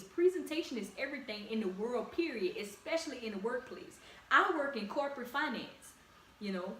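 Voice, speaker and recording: A young woman with a heavy Louisiana accent talks straight to her listeners, encouraging and casual, with plenty of slang. Her voice sits a little high for a woman. She's a bit off-mic in an echoey room with faint ambient hiss. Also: fairly bright tone, distant mic. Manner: direct, encouraging, conversational with slang. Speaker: podcast host. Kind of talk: casual solo podcast talk.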